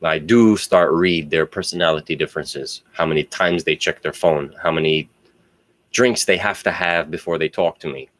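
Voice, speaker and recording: A man's voice: very deep voice, moderate pace, a bit bright, no room sound. A man talks on his own, rambling from thought to thought and swearing freely. The sound is dry and close, with no room around it. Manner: rambling, profane, philosophizing. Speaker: solo video host. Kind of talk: rambling monologue.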